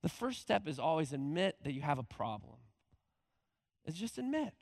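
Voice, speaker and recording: High-voiced animated male pastor. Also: normal speed, vocal fry, no room sound. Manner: animated, acts out quoted voices with laughs. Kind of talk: conversational sermon.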